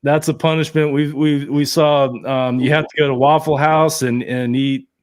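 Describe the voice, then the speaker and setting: A man's voice: a little high, flat delivery, normal speed. Joking man hosting a sports podcast. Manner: joking, running a contest segment. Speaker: podcast host. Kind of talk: casual chat.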